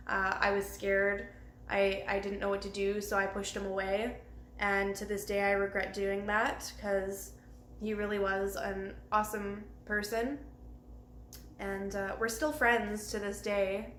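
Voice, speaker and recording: A woman's voice: medium pitch, a bit bright. Candid, swearing young woman in an echoey room. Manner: candid and raw, heavy swearing. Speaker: vlogger. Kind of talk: personal life story told to camera. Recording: roomy echo with faint ambient noise.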